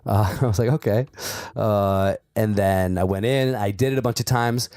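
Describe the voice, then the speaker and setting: A man from Canada co-hosting a casual podcast, telling stories in an animated way and swearing freely. His voice sits at a middle pitch, and the recording is dry and close. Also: moderate pace, smooth, dry recording. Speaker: podcast co-host. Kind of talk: casual chat.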